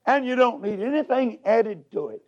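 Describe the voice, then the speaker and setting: A man preaching a revival sermon, shouting to loud highs and dropping to hushed lows in a sing-song delivery. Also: animated, moderate pace, dull audio.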